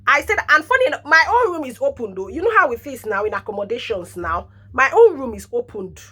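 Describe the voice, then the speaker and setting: Nigerian nurse, 30s, high husky voice, chatty storyteller. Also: female voice, fairly quick. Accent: Nigerian English. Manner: animated storytelling, laughs often, drops in pidgin interjections. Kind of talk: casual storytelling vlog.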